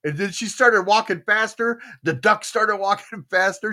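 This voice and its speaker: Speaking at an ordinary pace in a high-pitched voice, an older American podcast host spins stories during a loose, meandering conversation. He's animated and voices the characters' lines as he goes.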